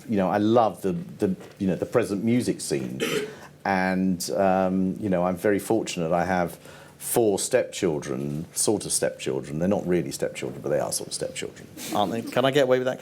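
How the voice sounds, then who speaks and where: Older male TV producer, very deep voice, chatty anecdotal storyteller, faint background noise. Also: fairly quick, darkish tone. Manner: rambling, laughs often, quotes people in voices. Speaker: TV format producer, interview guest.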